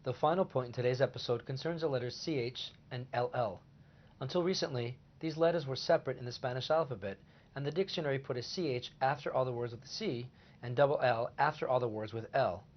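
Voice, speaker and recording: A man explains a scripted language lesson in a steady, even voice. His pitch is mid-range for a man. The recording sounds a bit muffled and lo-fi. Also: quick pace. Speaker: language teacher co-host.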